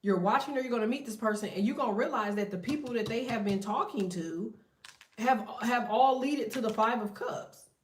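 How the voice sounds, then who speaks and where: A woman's voice: on the high side, a little fast. A woman chats through a tarot reading in a blunt, slangy, profane way. She sits back from the mic, and the room around her rings with echo. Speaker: tarot reader. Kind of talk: casual tarot reading chat. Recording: roomy echo, distant from mic.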